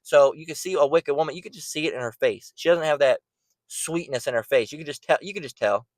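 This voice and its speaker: A man's voice: on the high side, quick pace, no room sound, low-quality recording. Blunt, profane man preaching. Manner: blunt, profane and emphatic, with repeated "right?". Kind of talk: informal Bible commentary.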